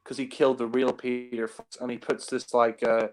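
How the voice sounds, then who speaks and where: A man's voice: mid-range voice, little pitch movement, normal speed, a little mellow. Rambling man chatting about films. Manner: rambling, heavy on fillers, laughs often. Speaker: film reviewer. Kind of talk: casual film discussion.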